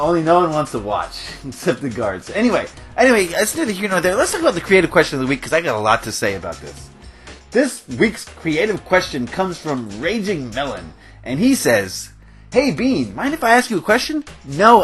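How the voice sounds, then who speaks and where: A man's voice: a little high, fairly bright tone. A man hosting a gaming channel, ranting in casual game commentary and getting worked up, with fillers and nervous laughs.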